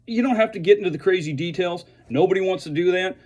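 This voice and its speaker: A man who is a veteran speaks earnestly and haltingly to fellow veterans, restarting his sentences often. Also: high-pitched, darkish tone. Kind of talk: earnest direct-to-camera message.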